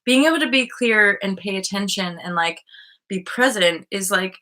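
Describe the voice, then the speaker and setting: Hosting a relaxed live stream about spiritual healing, she speaks bluntly and thinks on her feet, dropping plenty of fillers and the odd expletive. The voice is medium in pitch, at normal speed, with a pushed, bright sound.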